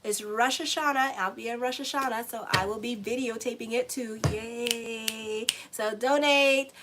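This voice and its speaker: A woman's voice: fairly high pitch, steady tone, brisk, heavy background noise. Give me a blunt, sassy woman reading tarot. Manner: blunt, sassy, talks straight to viewers with y'all and okay. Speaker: astrologer and tarot reader. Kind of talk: casual monthly tarot reading to viewers.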